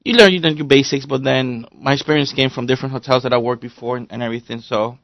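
Brief: gravelly-voiced chef from Florida, halting guest talk, dull dry recording. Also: male voice, medium pitch, fairly even intonation, no echo. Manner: halting, leans on fillers. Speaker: executive chef. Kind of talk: interview guest. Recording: dull lo-fi studio sound, dry.

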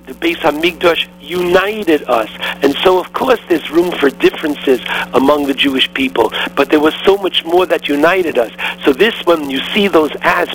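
A man's voice: fairly high pitch, a bit bright, low-quality recording. A man giving an earnest sermon as a rabbi, preacherly and rising on exclamations. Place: in Israel.

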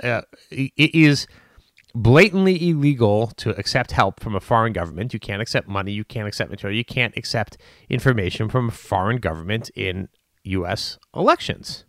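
A man giving unscripted political commentary, animated and emphatic, with frequent restarts and fillers. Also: lowish voice, moderate pace, no echo, clean studio sound.

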